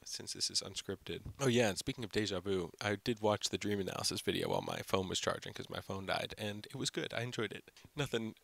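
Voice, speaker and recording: Gravelly low-voiced man rambling a review. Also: fairly quick, few pauses, fairly bright tone, dry recording. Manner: rambling, heavy use of "like" and fillers. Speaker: film review channel host. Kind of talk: unscripted casual film review.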